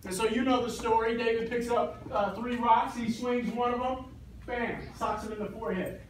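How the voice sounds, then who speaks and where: High-voiced man teaching youth Bible class. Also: brisk. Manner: animated, slangy storytelling. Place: church classroom. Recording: echoey hall, distant mic, faint hiss.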